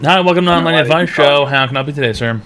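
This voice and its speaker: A man's voice: fairly high pitch, rapid-fire, crowd noise. A man hosting a comedy call-in advice show, rude and mocking, swearing often. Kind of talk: abrasive comedic call-in banter.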